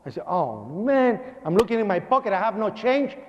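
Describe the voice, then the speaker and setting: A man's voice: high-pitched, quick pace, a little hiss or hum. A Puerto Rican man giving a personal testimony speech in a church, acting out the dialogue of his story as he tells it. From Puerto Rico. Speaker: speaker. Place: church hall. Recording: dull broadcast audio with long hall reverb.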